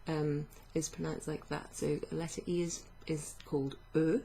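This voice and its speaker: In an online language lesson, a woman teaches French slowly and patiently, pausing on fillers and correcting herself along the way. Her low, warm voice has a gravelly edge and little pitch movement, and a faint hiss runs beneath the recording.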